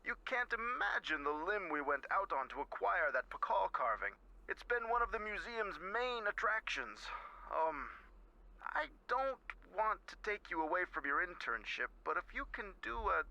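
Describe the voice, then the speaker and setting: An actor voicing an anxious, grateful museum board member on the phone in a game. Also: male voice, sits high, creaky, sharp tone, exaggerated voice, rough recording. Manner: earnest, flustered, effusive.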